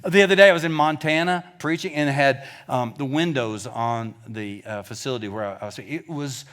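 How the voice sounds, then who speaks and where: A man preaching a sermon as a guest preacher, retelling Scripture in a lively, joking, conversational way as he walks around. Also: mid-range voice, brisk. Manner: reads the Scripture aloud and then retells it in plain talk; gets the congregation to respond together.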